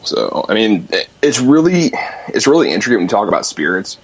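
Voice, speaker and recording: A young man talks fast and loosely, packing his story with fillers. His voice is husky and a little low. He comes through a dull, lo-fi call-in line. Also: sing-song. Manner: rambling, many fillers, quick. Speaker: guest musician calling in. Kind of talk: casual storytelling.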